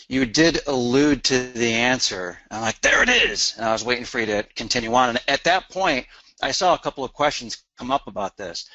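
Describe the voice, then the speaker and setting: A man co-hosting a training session, calmly passing on the audience's questions to the instructor. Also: mid-range voice, no room sound, lo-fi sound. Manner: measured, relays audience questions. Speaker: co-host asking questions.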